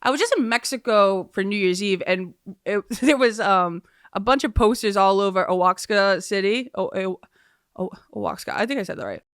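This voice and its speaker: Woman podcast host, rambling storyteller, laughs a lot, crisp tone, dry close sound. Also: medium pitch, moderate pace, no echo. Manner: rambling storyteller, laughs often, many fillers. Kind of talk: casual solo podcast chat.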